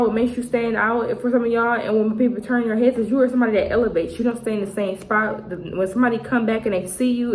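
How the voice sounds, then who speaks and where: A woman in her twenties giving a casual tarot reading to her viewers, chatty and full of slang, often acting out what other people say. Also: a little high. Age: 20s. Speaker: tarot reader. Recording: echoey room with faint noise.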